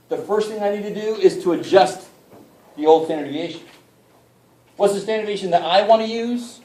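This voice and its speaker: A man's voice: on the high side, warm tone, far from the mic. A man teaching a college math class in a loose, joking way, with mild swearing and frequent calls for the class to help him out. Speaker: math instructor. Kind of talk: casual classroom lecture. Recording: echoey room picked up from afar.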